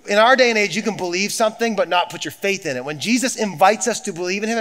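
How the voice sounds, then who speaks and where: Man, pastor preaching a sermon, somewhat high voice, emphatic, repeats lines, chatty asides to the congregation. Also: fairly bright tone.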